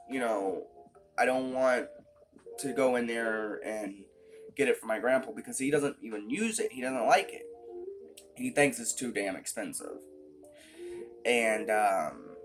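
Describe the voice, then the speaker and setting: A young man rants to his camera in a loose, casual vlog, swearing at almost every turn and doubling back over his own words. His voice sits at an ordinary pitch for a man, with faint music playing underneath. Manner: frustrated, swears constantly, rambling with restarts. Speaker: vlogger. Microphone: phone or webcam at close range.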